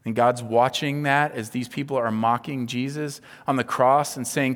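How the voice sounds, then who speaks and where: A pastor preaching a sermon, his delivery swinging from hushed near-whispers to loud, emphatic exclamations. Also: mid-range voice, normal speed, hardly any pauses, long reverb tail.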